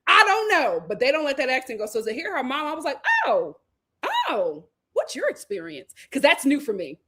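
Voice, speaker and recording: A young woman hosts a live reality show recap. Her voice sits high, and her delivery is animated, chatty and full of slang asides. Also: fast. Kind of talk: casual live stream chat.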